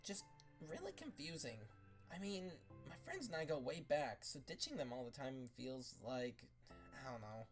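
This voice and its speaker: A woman's voice: low voice, very animated, soft background music. A woman voicing a scared, conflicted teenage girl who speaks hesitantly in a read-aloud fan story. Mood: troubled. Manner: halting, hesitant, quietly troubled.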